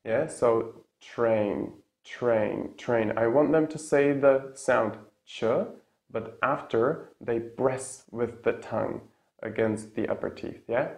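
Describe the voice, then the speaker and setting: A man with Czech as his first language teaching English pronunciation in a casual lesson, repeating example words slowly and tagging sentences with "yeah?". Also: mid-range voice, fairly even intonation, creaky, darkish tone. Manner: tags sentences with a questioning "yeah?".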